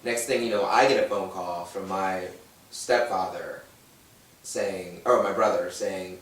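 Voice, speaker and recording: Speaking low and a little slowly, this thirty-something talk-show guest frankly recounts his personal story and animatedly performs the voices of others in it. The recording picks up room echo and faint noise from a distant mic.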